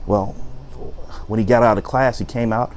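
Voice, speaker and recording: Lively man telling a story. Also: lowish voice, normal speed, a little hiss or hum. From South Side of Chicago. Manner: lively storyteller, acts out quotes. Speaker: host. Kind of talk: storytelling talk.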